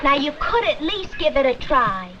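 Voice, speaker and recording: A woman's voice: sits high, big pitch swings, normal speed. An eager young American girl. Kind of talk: 1960s sitcom acting. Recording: dull old TV soundtrack with loud hiss.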